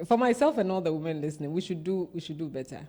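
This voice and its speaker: A woman's voice: deep voice, lively intonation, very fast, dark tone, big-room sound. Ghanaian woman radio host, playful. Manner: laughing, teasing, responsive with many "mm". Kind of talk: radio talk show hosting. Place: radio studio.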